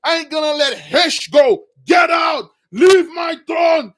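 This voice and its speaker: A furious young king roars and rants from his throne, his voice pushed up high and loud. He is played by a man retelling the story. He barks orders and insults in a shrill, strained shout. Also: slow pace, heavily acted. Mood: defiant. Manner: shouting, ranting.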